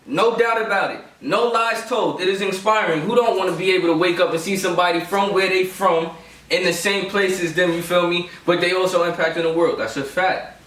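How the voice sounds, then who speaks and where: A man's voice: high-pitched, steady tone, a little fast, a bit bright. A man from Yonkers, speaking insistently in a casual interview and often repeating himself. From Yonkers, New York. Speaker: guest artist. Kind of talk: casual chat. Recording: echoey room, mic far off.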